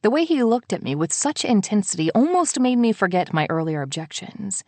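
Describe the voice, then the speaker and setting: A woman narrating an audiobook in the first person, soft and intimate, on a close studio mic. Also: mid-range voice, big pitch swings, a little fast, dry recording.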